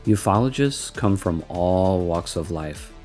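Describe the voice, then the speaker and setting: A man reading scripted documentary narration in a measured, even way. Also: sits low, soft background music.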